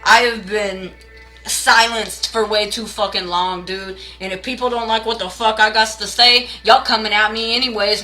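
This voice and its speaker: A woman's voice: mid-range voice, fairly even intonation, normal speed, bright, forceful tone, faint music behind, poor audio. A woman reading tarot on a late-night live stream from her home, blunt, ranting and swearing, calling her viewers baby and y'all. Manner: blunt and heavily profane, ranting; calls viewers baby and y'all, greets chat by name.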